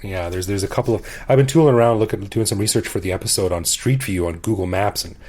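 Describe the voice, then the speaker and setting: A middle-aged expat living in Bangkok co-hosts a podcast, chatting casually and enthusiastically while laughing often and restarting phrases. His voice is lowish and darkish in tone, and he talks fast.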